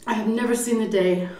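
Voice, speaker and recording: A middle-aged woman vlogging while she eats, telling a story in a lively, cursing style. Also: fairly low pitch, slight background noise. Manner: lively storyteller who curses and acts out quotes. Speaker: mukbang vlogger. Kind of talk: casual storytelling while eating. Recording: roomy, mic at a distance.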